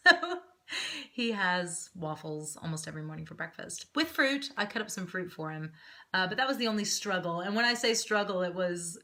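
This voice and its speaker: A woman in her thirties chatting casually to camera as a vlogger, animated and laughing often. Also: medium pitch, normal speed.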